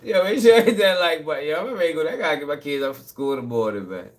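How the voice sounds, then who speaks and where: Young male stream host, slightly high voice, heated and profane, loops his points, laughs between them. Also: expressive, very fast. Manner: heated, cursing, repeats himself, laughs. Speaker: channel host. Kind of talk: casual live stream rant.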